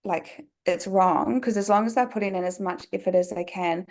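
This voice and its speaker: A woman's voice: mid-range voice, fast, darkish tone. A young woman from New Zealand with a New Zealand accent, a podcast guest talking casually and filling her sentences with "like". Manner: chatty, many "like" fillers.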